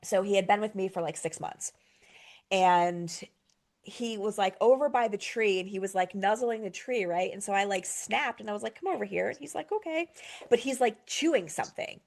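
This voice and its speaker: A woman podcast host tells a personal story in relaxed conversation. She is animated and curses freely, acting out her own reactions as she goes. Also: medium pitch, moderate pace. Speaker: podcast host, trauma therapist. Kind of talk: casual storytelling chat.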